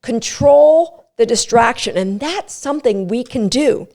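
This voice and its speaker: A middle-aged woman with a fairly high voice hosts a dog training podcast, teaching in an animated, playful way. She often slips into quick voices to show what a dog might be thinking.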